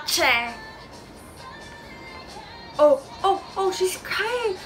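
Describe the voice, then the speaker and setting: A woman with a high, very lively voice reacts to a music video and gushes with excited exclamations between slow, drawn-out remarks. She talks as a DJ in a casual vlog. The music video plays loudly under her voice. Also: poor audio. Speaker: DJ and reaction vlogger. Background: music video playing.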